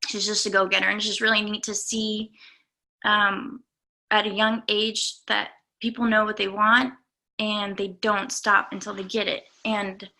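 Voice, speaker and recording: A young woman coach speaks to her students in a slow, unhurried way, often pausing on fillers. Her voice is bright and carries a gravelly fry. She sounds earnest and sincere. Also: medium pitch. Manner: halting, many fillers, earnest and emotional. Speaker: golf coach. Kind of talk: speech to students.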